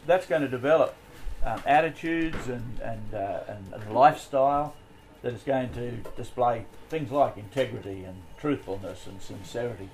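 Man, bible study leader, chatty teaching, mid-pitched voice, faint background hiss. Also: a little mellow, poor audio. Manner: conversational, with frequent fillers and restarts.

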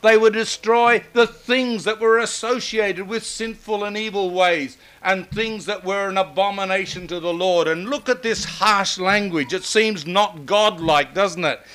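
An older man preaching a sermon, emphatic and building to forceful repetition. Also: high voice, a little slow, hardly any pauses, smooth.

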